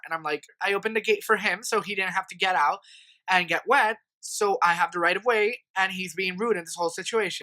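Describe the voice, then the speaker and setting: A young man in his twenties telling a profane, animated story for his vlog, mocking the people in it. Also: high-pitched, fairly quick. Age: 20s. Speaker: vlogger.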